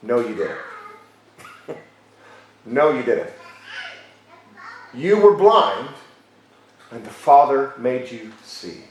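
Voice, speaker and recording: A man preaching a sermon as pastor, emphatic, repeating key phrases and slowing down for stress. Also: medium pitch, big pitch swings. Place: church sanctuary. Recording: very echoey church hall.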